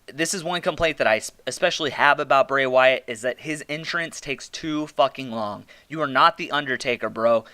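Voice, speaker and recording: A man hosts a casual review podcast and talks through it in blunt, exasperated rants with plenty of swearing. His voice is bright and crisp, and it sits close and dry with no room echo. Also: mid-range voice. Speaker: podcast host reviewing wrestling.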